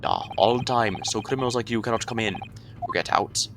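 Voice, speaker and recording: A man doing a gruff mock-Russian sailor guard. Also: on the low side, a little fast, background noise, lightly acted. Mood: dismissive. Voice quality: broken clipped English. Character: gruff male sailor guard, stern and suspicious.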